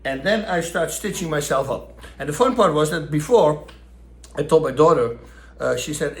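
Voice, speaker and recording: Animated storytelling man, Dutch accent. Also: moderate pace. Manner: animated, acts out quotes with raised pitch. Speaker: storyteller host. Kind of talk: casual storytelling. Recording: echoey room.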